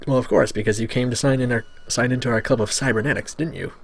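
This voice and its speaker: A man's voice: mid-range voice, steady tone, fast, slight background noise, close to an everyday voice. A man voicing an eager, chatty young male robotics club member.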